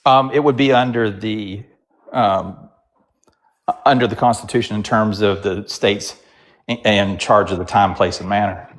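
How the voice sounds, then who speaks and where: A man's voice: fairly low pitch, fairly even intonation, measured pace. A man arguing insistently in a casual political debate, repeating his point like a lecture. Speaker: debate guest.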